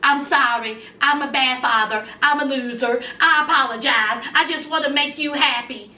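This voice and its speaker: A woman's voice: sits high, normal speed, pushed and bright, roomy sound, recorded from a distance, pitched below the performer's own voice. A woman voicing a sulking grown man who keeps apologizing in a mopey, self-pitying voice. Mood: sorry, mopey.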